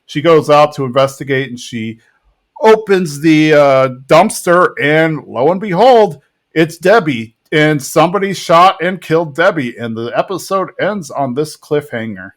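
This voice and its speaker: A man hosting a podcast, casually retelling an episode with animated quick quotes of characters. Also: on the high side. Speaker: podcast host.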